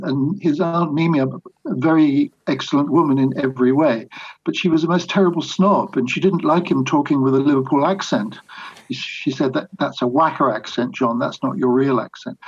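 A man's voice: a little high, breathy edge, muffled recording. An older man, a biographer, answering interview questions in a reflective, anecdotal way with hesitant restarts. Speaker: biographer guest.

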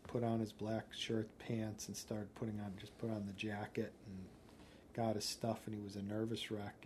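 A man's voice: fairly low pitch, completely flat delivery, normal speed, a little mellow, a little hiss or hum. A man recounting what he witnessed in an interview, telling it plainly and directly and acting out what was said. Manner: plain, direct storytelling with quoted speech. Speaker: eyewitness. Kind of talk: interview recollection.

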